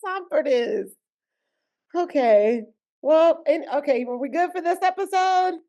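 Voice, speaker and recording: A woman with a high-pitched voice co-hosts a casual podcast. She talks in an animated, playful way and laughs often as she chats about the show. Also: unhurried, lo-fi sound. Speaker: podcast co-host. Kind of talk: casual reality-TV recap chat.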